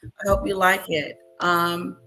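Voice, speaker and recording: A woman's voice: fairly low pitch, level tone, takes it slowly, bright, forceful tone, slight background noise. A woman chatting casually and loosely to her viewers. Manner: loose, easygoing talk to viewers. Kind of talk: casual chat.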